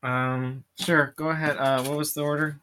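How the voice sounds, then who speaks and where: A man's voice: on the high side, little pitch movement, normal speed, bright, forceful tone, slight background noise. A man narrating as dungeon master in a loose, chatty way, often laughing between descriptions. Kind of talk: narrating a tabletop game.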